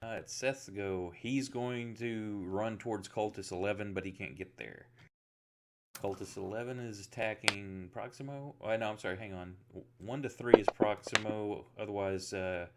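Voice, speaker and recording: Guy running a tabletop game, lowish voice, kinda halting, lots of restarts. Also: very noisy. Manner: casual, halting, many restarts. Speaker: game master.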